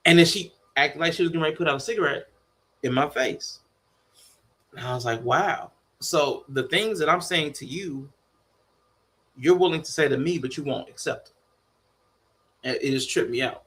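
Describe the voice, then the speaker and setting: A man co-hosting a podcast in casual chat, telling a family story in an animated way. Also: fairly high pitch, moderate pace, pauses often. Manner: animated storytelling, slipping into mock voices. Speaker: podcast co-host.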